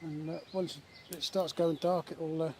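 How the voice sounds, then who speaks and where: A man talking casually in a relaxed, chatty way with many fillers, filming a vlog at a woodland camp outdoors. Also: on the high side, measured pace. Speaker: vlogger. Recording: outdoor recording with faint nature noise.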